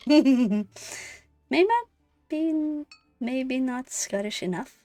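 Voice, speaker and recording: Slow-talking woman streamer. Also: sits high, expressive, warm tone, soft background music. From Norway. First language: Norwegian. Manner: chatty, amused, thinks aloud with fillers. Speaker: game streamer. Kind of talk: casual stream commentary.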